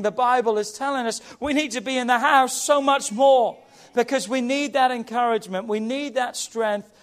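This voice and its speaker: A pastor preaching with a strikingly high voice for a man. He is emphatic and exhorting, pressing his points and rallying the congregation. He delivers a full sermon in church. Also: moderate pace. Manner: emphatic, exhorting, repeats "come on".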